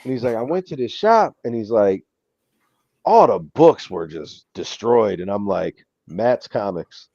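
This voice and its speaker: Man telling animated stories, dull mic. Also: on the low side, a little slow, no room sound. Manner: animated, swears, says "bro" a lot. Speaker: show host. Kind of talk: casual chat storytelling.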